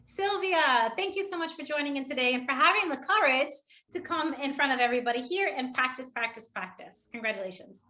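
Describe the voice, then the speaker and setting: A woman runs a live online speaking workshop in a high, bright voice. She keeps things upbeat and encouraging, laughing easily with her participants. She talks over a computer mic on a video call. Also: expressive, a little fast. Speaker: public speaking trainer hosting a webinar.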